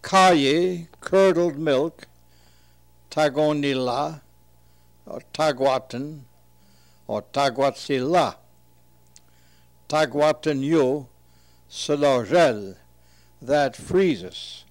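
A man slowly reading entries from an old dictionary aloud and translating them, pausing between each term. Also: fairly high pitch. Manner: measured, deliberate, pauses between terms. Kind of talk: slow reading of word lists with translations.

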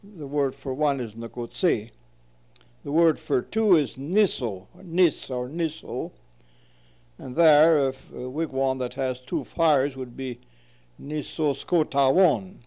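A man's voice: mid-range voice, slow pace, warm tone. A man reading aloud from his own translation of a word list, reading each entry, repeating words carefully and explaining them.

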